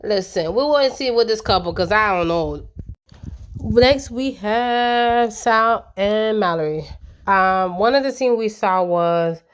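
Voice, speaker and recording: A woman's voice: medium pitch, slow pace, clean tone. A woman giving a casual, opinionated recap of a reality show, chatty and colloquial with lots of fillers.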